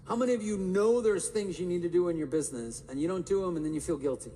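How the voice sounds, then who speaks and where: A man giving an energetic live talk to an audience in a large hall, firing rhetorical questions at the crowd. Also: high-pitched, fast. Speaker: motivational speaker. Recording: reverberant live hall, faint room noise.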